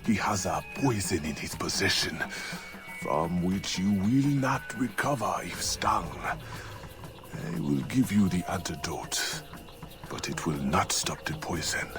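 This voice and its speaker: An actor playing a solemn, mysterious male witch doctor in a video game, speaking slow, grave warnings and sometimes whispering. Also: low voice, animated. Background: game music.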